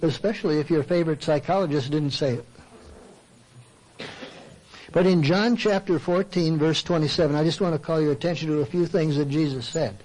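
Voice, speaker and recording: A man's voice: a little high, a little fast, a little mellow, rough recording. An older man giving a conversational sermon, asking rhetorical questions and acting out his listeners' objections. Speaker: Christian speaker and counselor. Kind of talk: sermon talk.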